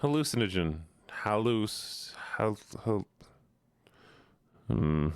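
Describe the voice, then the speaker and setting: A man teasing his chat, lively pitch. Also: slow pace, smooth, no echo, clean studio sound. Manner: playful and teasing, mock outrage with big jumps in pitch. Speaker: live streamer. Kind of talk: casual chat with a stream audience.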